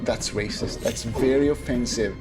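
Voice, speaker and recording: A man's voice: medium pitch, normal speed. A man streaming a speedrun, rambling in a casual, jokey way between runs. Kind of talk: casual gameplay commentary. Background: game music.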